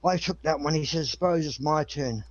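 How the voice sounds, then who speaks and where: A man's voice: a little high, brisk, lo-fi sound, a little hiss or hum. A man telling a long joke in a rambling way, with many restarts.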